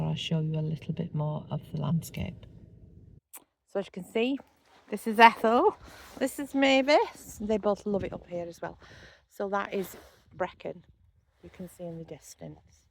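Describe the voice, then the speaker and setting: A woman's voice: on the low side, vocal fry, a little mellow, a little hiss or hum, rough recording. A middle-aged woman chatting casually in a walking vlog, rambling like a tour guide with lots of ums and easy asides. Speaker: vlogger showing a walking spot.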